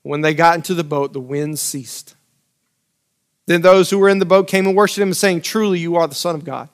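High-voiced man preaching with dramatic swings. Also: brisk. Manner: dramatic swings between loud urgent lines and quiet intimate asides; repeats phrases for emphasis. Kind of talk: sermon.

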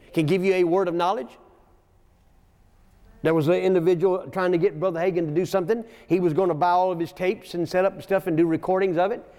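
A man's voice: high voice, darkish tone. A man preaching a sermon in a folksy way, telling stories with chuckling asides and reading scripture aloud in a church. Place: church sanctuary. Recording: long church reverb.

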